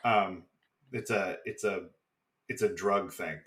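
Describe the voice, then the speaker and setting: A man co-hosting a podcast, casually recapping a TV episode with swearing and quick mock voices of the characters. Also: sits low, a bit bright. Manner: swearing, chatty, acts out quick impressions. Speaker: podcast co-host.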